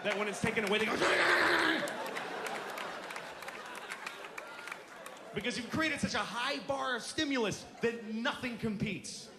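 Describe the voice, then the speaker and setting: A man's voice: very high-pitched, fairly quick, hardly any pauses, bright, forceful tone, some chatter behind. A man doing a stand-up comedy routine on stage, ranting in an exasperated, profane way.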